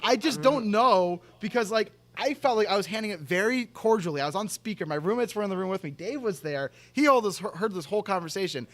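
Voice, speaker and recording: A man's voice: sits high, fast, hardly any pauses. A young man on a podcast telling an exasperated story in a casual, swearing way. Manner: animated, exasperated, swears freely. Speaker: podcast co-host.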